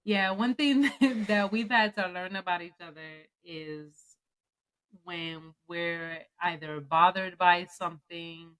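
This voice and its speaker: A woman co-hosting a casual podcast, telling stories with loud, acted-out quotes and speaking with features. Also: lowish voice, slow. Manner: animated storyteller, acts out quotes loudly. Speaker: podcast co-host. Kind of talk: casual chat.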